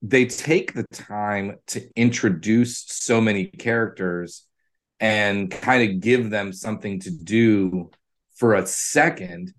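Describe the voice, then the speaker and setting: A man co-hosting a podcast who explains his points in a measured, drawn-out way. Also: on the low side. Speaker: podcast co-host. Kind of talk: casual movie chat.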